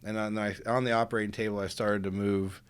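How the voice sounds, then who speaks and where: A man, a podcast guest, telling a personal story in a casual, animated and humorous way. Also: on the low side, quick pace, smooth.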